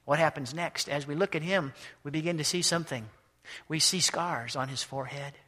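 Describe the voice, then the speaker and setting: High-voiced preacher in an echoey hall. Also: male voice, a little fast. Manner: animated, acts out scenes in voices. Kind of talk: storytelling sermon. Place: church or hall.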